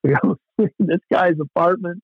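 A man with a slightly higher voice tells a story in a loose, animated way and swears freely. The sound is dry and close, with a dull, lo-fi edge. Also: normal speed, creaky, breathy edge, no echo. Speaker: musician guest. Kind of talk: casual storytelling.

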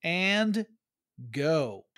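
A man co-hosting a geeky podcast in casual, jokey chat with quick asides. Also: fairly high pitch, very animated, sharp tone, slight background noise. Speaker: podcast co-host.

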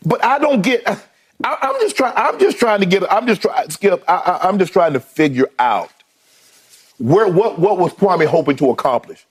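A man's voice: sits high, very animated, normal speed, slightly rough. A man arguing heatedly in a sports debate, emphatic, often stammering and restarting his sentences.

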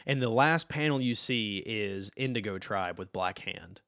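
A man's voice: fairly low pitch, animated, a little slow, no echo, studio quality. Enthusiastic man explaining comics. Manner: enthusiastic, explanatory, trails off quietly. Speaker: podcast co-host explaining comics. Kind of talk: casual chat.

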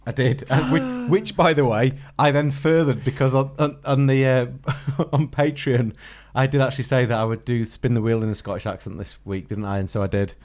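A man's voice: mid-range voice, steady tone, fairly quick, hardly any pauses, darkish tone. A man hosting a podcast, chatting casually, laughing easily and stumbling over restarts. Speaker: podcast host. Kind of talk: casual chat.

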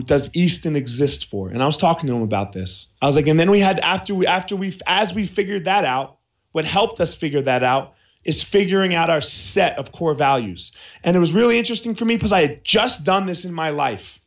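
A man's voice: a little high, lo-fi sound. A man hosting a podcast from his house, talking in a casual monologue and repeating key points for emphasis. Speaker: podcast host.

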